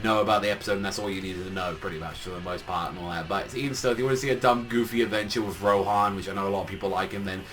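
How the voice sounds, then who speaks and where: A man's voice: deep voice, fairly even intonation, rapid-fire, hardly any pauses, fairly bright tone. A young man giving a casual spoken review, rambling and swearing while he mocks the voices of the characters. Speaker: anime reviewer.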